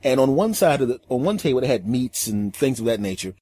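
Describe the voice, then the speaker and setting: A middle-aged male comedian telling a story in an animated, emphatic way, acting out every scene. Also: medium pitch, brisk. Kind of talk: comic storytelling.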